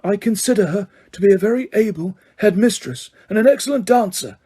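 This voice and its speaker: A man voicing a calm, quiet, wise elderly headmaster. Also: high voice, a little fast, slightly rough, pitched above the performer's own voice.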